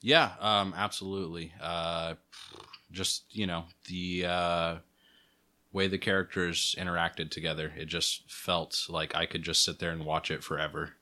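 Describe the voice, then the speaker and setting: A man's voice: low-pitched, measured pace. A man co-hosting a podcast, talking casually and hesitantly with lots of fillers. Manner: relaxed, hesitant, many fillers. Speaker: podcast co-host. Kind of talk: casual chat.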